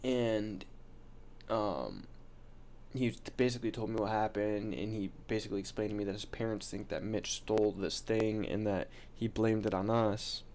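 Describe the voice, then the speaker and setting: A young man recounts a wild personal story in a loose, rambling storytime manner. His voice sits a little low, and his talk is packed with slang, swearing and constant filler "like". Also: normal speed, darkish tone, a little hiss or hum. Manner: profane slangy rambling, heavy use of "like". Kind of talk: casual storytime.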